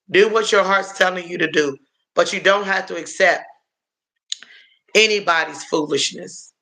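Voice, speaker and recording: A man hosting a live stream, chatting in a rambling way, answering viewers' comments, calling them y'all, and filling pauses with um and uh. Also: high-pitched, creaky, sharp tone. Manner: halting, with frequent um and uh fillers. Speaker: livestream host answering chat. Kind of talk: casual live-stream chat.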